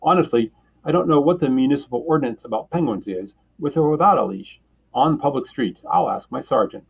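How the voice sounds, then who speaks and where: A man voicing a puzzled, easygoing policeman in a children's story reading, a little louder and higher than his narration, with a husky voice. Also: expressive, fairly quick, narrow, tinny audio.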